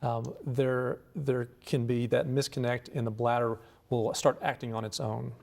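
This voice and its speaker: A man who is a urologist, explaining a medical condition calmly on a talk show and restarting his phrases often. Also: mid-range voice, measured pace, creaky. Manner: calm explanatory, with frequent restarts. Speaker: urologist guest.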